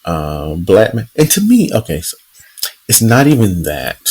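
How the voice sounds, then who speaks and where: Man, very deep voice, podcast co-host, casual storytelling, fillers. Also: huge pitch swings, measured pace, a little mellow, husky, low-quality recording. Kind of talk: casual chat.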